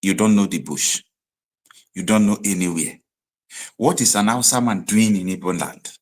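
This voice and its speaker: A man from Nigeria hosts a live online show, giving commentary. His low voice turns animated and rises into emphatic outbursts. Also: normal speed.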